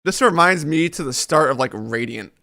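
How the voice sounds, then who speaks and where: Gravelly-voiced man giving sarcastic commentary. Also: a little high, animated, moderate pace, pushed and bright. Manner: sarcastic, critical, reads dialogue aloud. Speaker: streamer reacting to a comic chapter. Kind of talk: live reading reaction and commentary.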